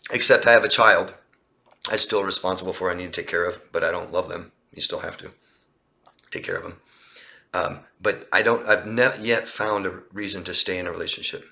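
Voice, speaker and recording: Male life coach, live Q&A, bright edgy tone, emphatic and rhetorical. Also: deep voice, vocal fry. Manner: emphatic, rhetorical questions, acts out quoted lines in a raised voice.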